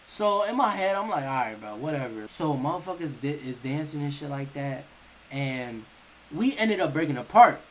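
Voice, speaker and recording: A young man streaming, telling a story casually in an animated, slangy way and acting out what people said. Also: a little high, normal speed, a little hiss or hum, rough recording. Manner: animated, profane, slangy, acts out quotes.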